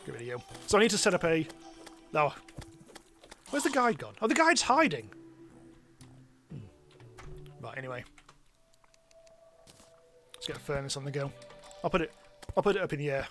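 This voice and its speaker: A man giving chatty, self-mocking live commentary as he streams a game, now and then bursting into excited yelps. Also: fairly high pitch, moderate pace, long pauses, faint music behind. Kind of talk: live let's-play commentary.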